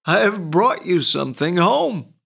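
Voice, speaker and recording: A poor, weary old peasant farmer, as a man puts him on, whose voice leaps high with emotion. The cries ring out at a distance from the mic, bright and gravelly. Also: very animated, measured pace, reverberant, soft background music, full character voice. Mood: pleading. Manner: emotional, given to loud cries.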